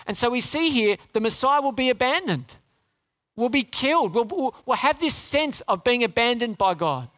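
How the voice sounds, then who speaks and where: Preaching at a moderate pace, a woman with a fairly high, slightly bright voice and lively intonation keeps her sermon earnest and conversational. She leans on rhetorical questions and repeated phrases to emphasize her message.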